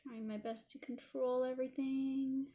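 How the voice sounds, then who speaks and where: Canadian woman, Toronto accent, slightly high voice, chatty art-tutorial host talking while she draws. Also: level tone, a little slow, mellow. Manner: chatty, apologetic asides while working. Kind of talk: casual drawing tutorial narration.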